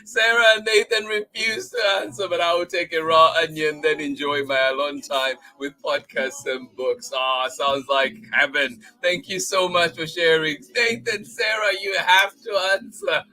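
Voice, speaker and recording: A man hosting a children's storytime show, chatting warmly with viewers and then reading a picture book aloud, thanking people often and laughing easily. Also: fairly high pitch, moderate pace, few pauses. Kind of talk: upbeat chat with viewers and read-aloud.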